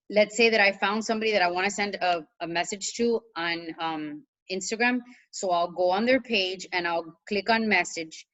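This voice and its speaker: A woman's voice: mid-range voice, sharp tone, muffled recording. A woman coach talking casually on a video call, chatty and encouraging, with plenty of fillers. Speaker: coach mentor.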